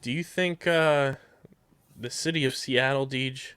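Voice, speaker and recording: A podcast co-host with a mid-range, slightly bright, clear and resonant voice speaks a little slowly on a casual sports show. He's upbeat and jokey, switching to a hype voice for sponsor reads, in clean studio sound with no room noise.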